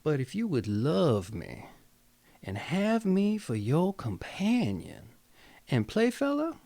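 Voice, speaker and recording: A man voicing a gentle but sly talking frog in a Southern accent, with coaxing, drawn-out phrasing. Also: a little high, wildly swooping pitch, gravelly, no room sound, exaggerated voice. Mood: bargaining.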